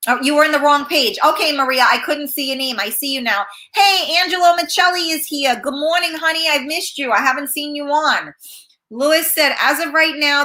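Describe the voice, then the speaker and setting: A woman's voice: fairly high pitch, bright, forceful tone. A woman hosting a casual live-stream talk show, reading viewer comments aloud and answering them with plenty of fillers. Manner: chatty, reads comments aloud, hesitant with many fillers.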